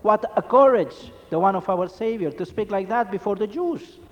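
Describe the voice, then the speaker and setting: A man's voice: high voice, lively intonation, normal speed, long reverb tail, highs cut off. A man preaching a Catholic sermon, emphatic and full of rhetorical questions.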